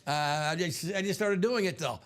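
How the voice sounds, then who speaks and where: A man's voice: a little high, moderate pace, fairly bright tone. A man hosting a live card-break stream, upbeat and chatty in a casual way.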